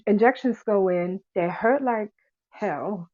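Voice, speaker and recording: A woman's voice: medium pitch, takes it slowly, no room sound. A woman telling a personal story as a guest in a conversation, emphatic and replaying what people said. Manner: emphatic, replays dialogue, occasional laughs. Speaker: guest sharing a survivor story. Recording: dull lo-fi sound.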